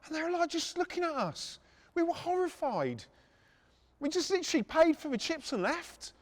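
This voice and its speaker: A man's voice: very high voice, very animated, moderate pace. A middle-aged man, telling crude, profane stories on his podcast with lots of fillers. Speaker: podcast host. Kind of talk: anecdotal storytelling.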